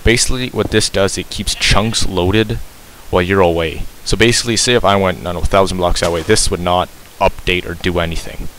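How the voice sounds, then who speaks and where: Low-voiced man explaining a game, rambling. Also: fairly even intonation, brisk, few pauses, fairly bright tone, slight background noise, poor audio. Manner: rambling, self-correcting, frequent ums. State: breathing heavily. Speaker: game tutorial maker. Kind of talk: casual gameplay tutorial. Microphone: cheap mic very close to mouth.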